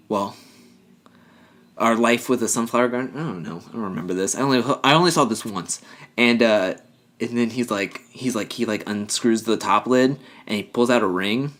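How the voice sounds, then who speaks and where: Speaking at a normal pace in a voice on the low side with a fairly bright tone, a male podcast co-host rambles through a casual reality-show recap. He leans heavily on fillers and performs the quotes he repeats.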